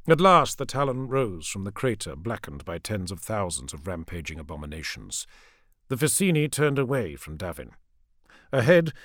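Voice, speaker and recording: A man giving dramatic scripted audiobook narration, measured, dropping low at the ends of sentences. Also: no room sound, studio quality.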